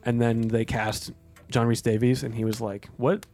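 A man's voice: mid-range voice, normal speed, soft background music. American man joking about movies. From United States. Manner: joking, rambling, deadpan asides. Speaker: podcast co-host. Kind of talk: casual chat about movies.

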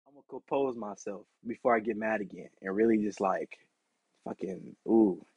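A man hosting a podcast, telling a casual story in an animated, profane way and acting out the people in it. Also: lowish voice, moderate pace, slightly rough, no room sound, muffled recording. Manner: animated, profane, acts out quoted exchanges. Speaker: podcast host.

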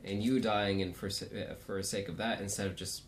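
A man's voice: lowish voice, fairly even intonation, fairly quick, slight background noise. A man in a casual podcast discussion, talking thoughtfully and searching for his words.

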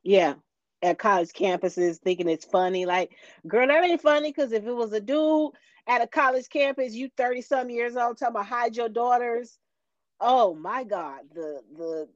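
A woman's voice: a little high, normal speed, no room sound. Woman, podcast co-host, blunt, opinionated, casual chat, dry dull recording. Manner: blunt, opinionated, laughs along.

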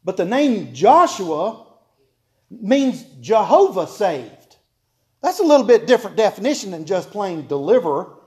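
High-voiced folksy preacher, a man. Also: very animated, unhurried, dark tone. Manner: homespun, joking, repeats key phrases for emphasis. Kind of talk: folksy sermon to a congregation.

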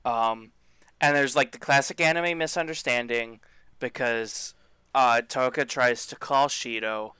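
Casting note: young male podcast co-host, crisp and bright, dry close sound, joking recap style. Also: mid-range voice, dry recording. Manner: joking, talks fast when recapping. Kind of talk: casual chat.

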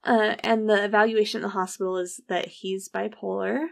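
Podcast host, female, gravelly fry, chatty true-crime storyteller. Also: medium pitch, flat delivery, a little fast. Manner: chatty, recounts events with frequent "like" and quoted dialogue.

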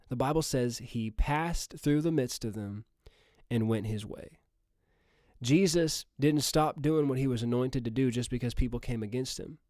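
A man's voice: medium pitch, warm tone, no room sound. Male preacher, emphatic sermon, repeats key phrases, mid-range voice, dry close sound.

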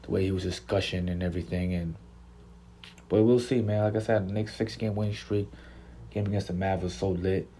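A man's voice: low-pitched, fairly even intonation, brisk, dark tone, a little hiss or hum. A man hosting a casual sports podcast, laid-back and slangy, often repeating himself. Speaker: podcast host.

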